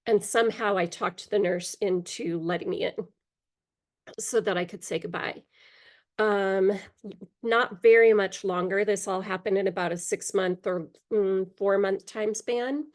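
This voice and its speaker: A middle-aged woman, a guest in an interview, telling a personal story candidly, pausing often and clearing her throat now and then from allergies. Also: mid-range voice, fairly even intonation. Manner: candid, halting, with frequent pauses and fillers.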